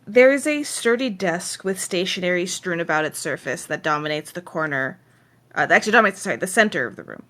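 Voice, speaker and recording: Lively woman game master narrating. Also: on the low side, a little fast. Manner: descriptive, self-correcting.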